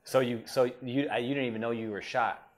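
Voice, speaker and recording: A man hosting an interview, mostly giving short backchannel sounds and now and then asking a quick follow-up question. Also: mid-range voice, fairly even intonation. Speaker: interview host.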